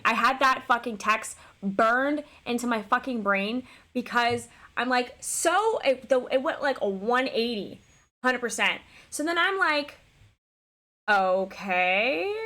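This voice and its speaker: Bright-voiced woman telling a story. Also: a little high. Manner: animated, swears freely, full of restarts. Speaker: streamer. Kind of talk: casual storytelling to a live stream.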